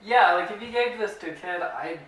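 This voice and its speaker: Young male co-host, rambling and halting, bright tone, distant mic in an echoey room. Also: high-pitched, animated. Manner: rambling, halting speech with many fillers. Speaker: podcast co-host. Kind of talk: casual comedy podcast chat. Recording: roomy echo, mic at a distance, faint hiss.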